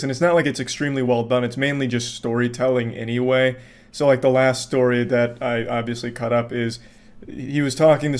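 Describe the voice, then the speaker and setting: A man in his thirties hosting a casual reaction commentary, telling stories in a profane, animated way. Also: mid-range voice. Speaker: host reacting to videos.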